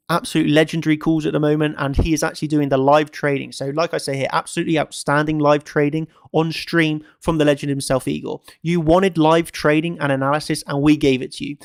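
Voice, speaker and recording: A man hosting a crypto trading channel talks through the charts in casual commentary, emphatic and fond of repeating himself for stress. His voice sits a little high and carries a gravelly fry. The sound is dry and close, with no room around it. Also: steady tone, brisk, no room sound. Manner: emphatic and repetitive, stacking phrases. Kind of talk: casual market commentary to camera.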